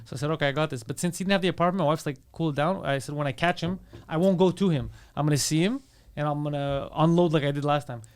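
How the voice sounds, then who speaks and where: Fast-talking man telling a story. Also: a little high, clear, resonant tone. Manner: animated storytelling, acts out quotes. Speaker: podcast co-host. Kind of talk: casual comedy podcast chat. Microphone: studio podcast mic.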